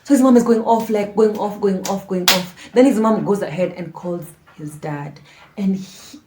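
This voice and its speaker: A storytime vlogger recounts an embarrassing story to camera, lively and slangy, swinging between dramatic emphasis and near-whispered asides. Her voice is medium-pitched at a moderate pace. The room is echoey with faint background noise.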